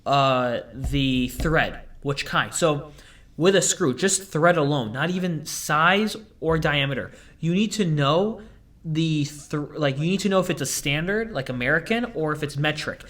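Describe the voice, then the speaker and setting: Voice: mid-range voice, expressive, unhurried, a bit bright. A young hardware store worker telling a casual vlog story in a rambling, digressive way, full of "like".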